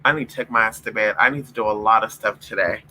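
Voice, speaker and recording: A man's voice: fairly low pitch, quick pace, sharp tone, a little hiss or hum, low-quality recording. A man vlogging casually late at night, loose and profane, calling his viewers honey and y'all and cooing at his puppies in between. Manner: coos and scolds his puppies in a playful pet-talk voice.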